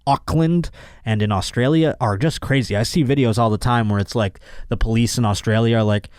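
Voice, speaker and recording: A man's voice: mid-range voice, brisk, darkish tone, clean tone, dry recording, studio quality. Sarcastic man riffing on the news. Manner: sarcastic, riffing on news stories with exasperated asides. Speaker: podcast host. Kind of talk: comedic news commentary.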